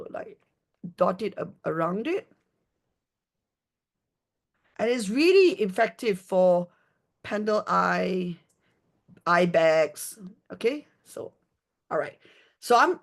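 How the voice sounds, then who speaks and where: A middle-aged woman with a slightly high voice, leading a live skincare demonstration over a video call. She talks casually and walks through each step, often stopping to ask if everyone is following. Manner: chatty, explaining step by step, checking in with "okay?".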